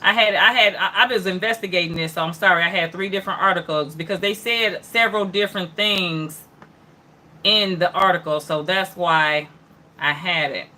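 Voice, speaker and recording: A woman's voice: fairly low pitch, moderate pace, pushed and bright, slight background noise. A woman hosting an online news hour, reading headlines aloud and reacting in a loose, chatty way, with lots of mm-hmms and asides to viewers. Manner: greets and answers viewers by name. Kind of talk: casual livestream headline commentary.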